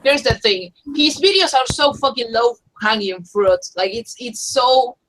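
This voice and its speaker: A woman in a casual group podcast chat, profane and animated, laughing often. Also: fairly high pitch, a little slow, rough recording. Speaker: podcast panelist.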